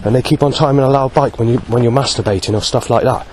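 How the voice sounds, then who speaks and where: A man talks through a rambling video diary in a middle-pitched voice, pausing often and filling the gaps with "um". He lists items one by one in a halting, matter-of-fact way. Faint background noise sits under his voice. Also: a little mellow. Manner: hesitant, many pauses and "um"s, lists things one by one. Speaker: vlogger.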